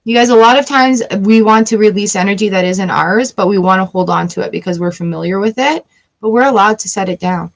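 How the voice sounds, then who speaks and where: A woman in her forties chatting casually on a tarot livestream, emotional and quick to laugh. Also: mid-range voice, gravelly, rough recording. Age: 40s. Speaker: tarot reader.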